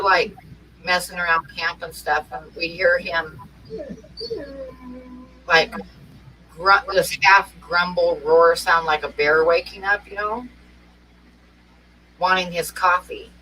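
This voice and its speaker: Recorded on a distant mic with a little faint noise, a middle-aged co-host from Oregon, USA, rambles through anecdotes in easygoing conversation, laughing often. Her voice sits fairly low and has a sharp edge.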